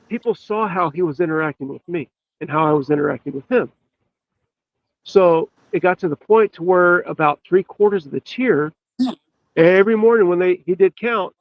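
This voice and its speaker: A man, a podcast guest, telling a story in an earnest, emphatic way with drawn-out pauses. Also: high-pitched, no room sound. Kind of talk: storytelling in casual chat. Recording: dull, lo-fi dry sound.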